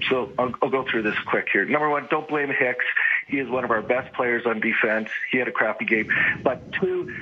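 Caller, man, hoarse and furious, venting over a hissy phone line. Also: medium pitch, moderate pace. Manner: angry, venting, repetitive. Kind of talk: call-in rant. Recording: muffled phone line with faint hiss.

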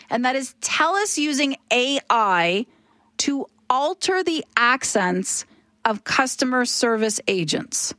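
A woman radio host with a high, youthful voice talks in an animated, outspoken way on a live morning show. The sound is dry and close, with no room around it. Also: no echo. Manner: animated and outspoken, talks fast when worked up. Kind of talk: live radio talk and interview.

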